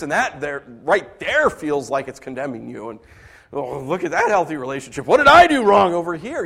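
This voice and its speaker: In this sermon, a high-pitched male pastor acts out quoted voices and swings between loud outbursts and quiet asides.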